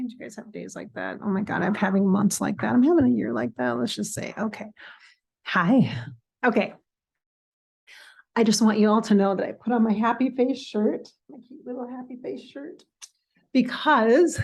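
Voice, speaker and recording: A woman with a slightly raspy, hoarse voice, chatting casually and emotionally to her viewers, laughing at herself and rambling. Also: mid-range voice, normal speed, a little mellow. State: a bit hoarse. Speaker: spiritual channel host. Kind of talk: casual vlog talk to viewers.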